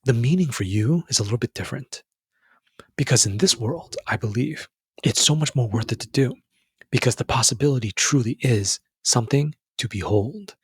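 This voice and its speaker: A young man hosting a podcast, giving a casual, earnest motivational talk that addresses the listener as brother and jumps up in pitch when he stresses a point. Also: brisk, slightly rough, no echo, clean studio sound. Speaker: podcast host. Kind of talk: motivational monologue.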